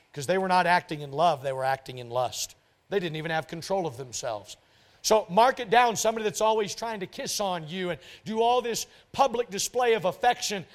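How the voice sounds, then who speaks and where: High-voiced man preaching emphatically. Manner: emphatic preaching, repeats phrases, mimics couples in quotes. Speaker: pastor. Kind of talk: sermon.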